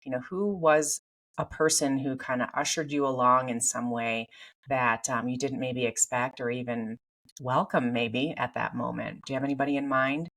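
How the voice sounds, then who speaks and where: A woman's voice: extremely low pitch, steady tone, normal speed, a bit bright. A woman hosting an interview podcast, eager and full of affirmations as she asks her questions. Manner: enthusiastic, frequent affirmations. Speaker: podcast host. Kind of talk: casual interview talk.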